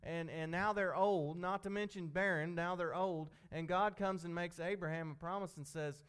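Man, folksy preacher, fairly high voice, chatty informal sermon. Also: steady tone, moderate pace, fairly bright tone, smooth. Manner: folksy, conversational, repeats himself.

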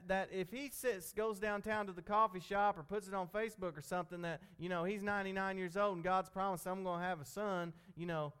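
A man's voice: high voice, a bit bright. A man preaching an informal, folksy sermon, talking conversationally and repeating himself.

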